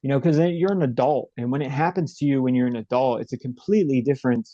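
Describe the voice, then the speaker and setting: A man's voice: mid-range voice, fast talker, warm tone, no room sound, highs cut off. A middle-aged man, an interview guest, telling a personal story in a rambling way with lots of fillers and restarts. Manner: rambling, repeats himself, many fillers. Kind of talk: casual storytelling.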